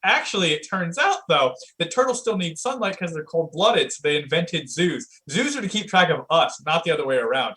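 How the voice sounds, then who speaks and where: A man's voice: fairly high pitch, animated, a little fast, hardly any pauses, bright, forceful tone, low-quality recording. A young man streaming improv comedy, playfully retelling an absurd story.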